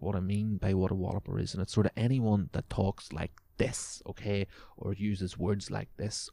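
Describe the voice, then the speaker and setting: A man's voice: fairly low pitch, creaky, mellow, dry recording. A young man, a podcast host ranting casually and sarcastically, swearing as he reads news items aloud.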